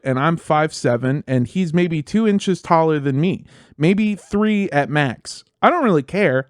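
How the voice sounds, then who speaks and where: A man's voice: fairly high pitch, no room sound, studio quality. A man co-hosting a casual comedy podcast, joking and swearing, reading listener letters aloud. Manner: joking, profane, reads letters aloud in a lively voice.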